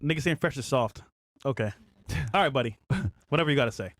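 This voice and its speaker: A man co-hosting a reaction stream, talking quickly in a laid-back way and laughing along. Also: mid-range voice, a bit bright. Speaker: podcast co-host.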